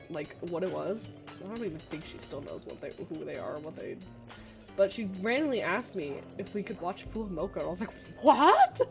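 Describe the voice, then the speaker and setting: A young woman streaming a game, chatting casually and rambling with lots of fillers and restarts. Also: fairly low pitch. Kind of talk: casual gameplay chat. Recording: music playing behind the voice.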